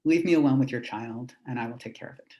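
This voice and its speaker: A man voicing a wandering male prophet who speaks calmly and reassuringly, close to his own voice. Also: medium pitch, fast, reverberant, close to an everyday voice, low-quality recording.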